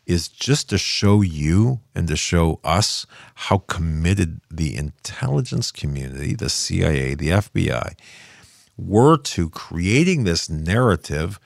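Older male commentary host, deep and gravelly, casual rambling delivery, dry home-studio sound. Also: animated, unhurried, no echo. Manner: rambling, loses his thread and restarts.

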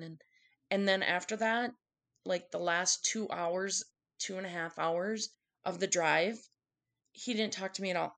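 A woman's voice: mid-range voice, a little slow, bright, forceful tone. Candid woman telling a personal story. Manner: candid, emotional, acts out quotes. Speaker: guest telling her story.

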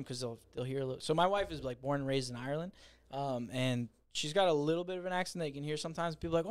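A man's voice: a little high, racing. A man co-hosting a podcast, chatting casually, swearing and rambling with restarts. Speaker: podcast co-host. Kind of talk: casual chat.

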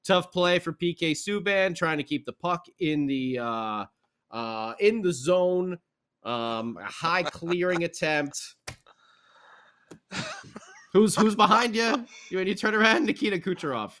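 Rambling man recapping hockey, higher voice. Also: unhurried. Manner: rambling, animated, many fillers and restarts. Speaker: podcast host. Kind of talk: casual hockey game recap.

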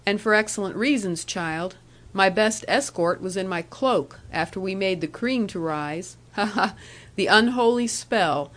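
A sly old counsellor who chuckles and teases his guest, booming out his lines with hearty force, as a woman reads him in a storybook. he is a jovial old outlaw, amused by everything. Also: lively intonation, unhurried, fairly bright tone. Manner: chuckling, teasing.

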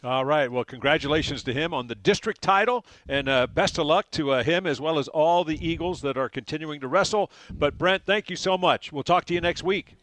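A man hosting a sports talk radio show, brisk and upbeat as he takes calls and thanks guests. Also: fairly high pitch, fairly bright tone.

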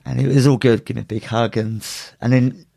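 A man with a gravelly voice, chatting as a podcast guest and drifting through his story with restarts and laughter. His pitch sits in the middle of the range. The recording is dry and close. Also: steady tone, fairly quick, mellow, no echo. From United Kingdom. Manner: rambling, laughs while telling stories, many restarts. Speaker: podcast guest, martial arts instructor. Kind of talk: casual storytelling.

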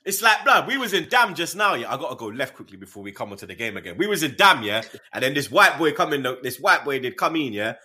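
Man, young, high-pitched, bright, animated football banter. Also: quick pace, hardly any pauses. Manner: animated, slangy, jokes and does voices. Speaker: football podcast co-host. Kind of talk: casual chat.

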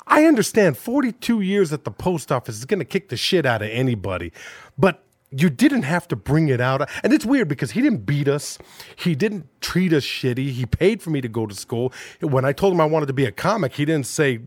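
A man's voice: a little high, big pitch swings, brisk, dry recording. A man in his forties, a stand-up comedian, telling rambling, profane stories in a casual podcast chat. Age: 40s.

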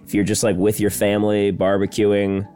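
A man's voice: fairly low pitch, moderate pace, faint music behind. A man hosting a podcast, telling crude jokes and stories in casual chat and acting out people's lines to mock them. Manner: crude, joking, animated retelling with mocking impressions. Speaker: podcast host.

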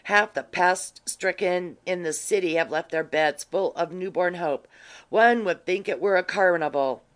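Grave gentleman with quiet malice, dry delivery, voiced by the narrator. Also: mid-range voice, unhurried, natural voice. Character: grave, quietly sly gentleman Ormiston, man. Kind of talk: audiobook reading.

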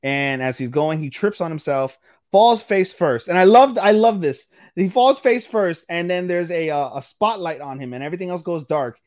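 A man co-hosting a casual podcast, recapping an anime episode with lively acted-out quotes and casual swearing. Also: on the high side, normal speed, no echo, clean studio sound. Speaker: podcast co-host. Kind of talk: casual anime review chat.

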